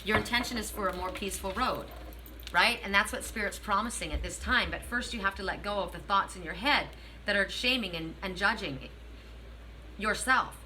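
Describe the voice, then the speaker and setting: A woman's voice: medium pitch, moderate pace, background noise. A middle-aged woman reading oracle cards for her viewers, speaking earnestly and directly to the listener with repeated, affirming phrases. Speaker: oracle card reader. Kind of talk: spiritual card reading to viewers.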